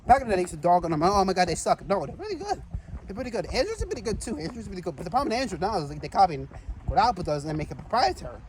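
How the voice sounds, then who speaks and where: A man vlogging while walking outdoors, rambling and repeating himself excitedly and a little out of breath. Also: high voice, very fast, recorded from a distance, rough recording. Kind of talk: casual walking vlog. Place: outdoors on city streets, walking. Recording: street noise behind the voice. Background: traffic and street noise.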